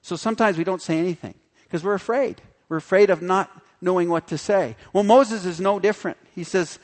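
A man preaching a sermon in a slightly high voice, animated and playful as he acts out the people in his story. His voice rings with the long reverb of a large hall. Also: fairly quick, hardly any pauses. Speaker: pastor.

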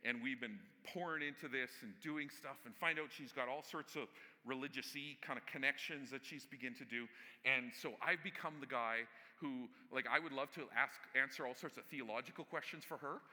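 A man's voice: medium pitch, a little fast, bright, forceful tone, big-room sound. A male pastor preaching a sermon in a church, telling stories casually with humor and asides to the congregation.

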